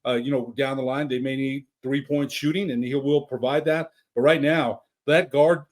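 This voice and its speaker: A man on a sports podcast talking basketball in a halting way, often restarting his thoughts. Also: mid-range voice, fairly even intonation. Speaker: podcast co-host. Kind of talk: casual sports chat.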